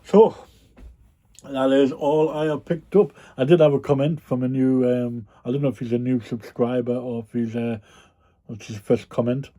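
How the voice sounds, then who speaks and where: A man's voice: mid-range voice, flat delivery, normal speed, mellow. A man talking casually to his viewers about items he resells, rambling with frequent ums and the odd yawn. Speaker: reseller vlogger. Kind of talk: casual chat.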